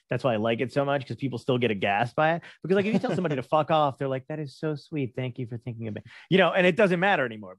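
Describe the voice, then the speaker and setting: An American man, a comedian guest on a podcast, ranting in a profane, animated way. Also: medium pitch, no room sound, clean studio sound. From United States. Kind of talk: casual podcast conversation.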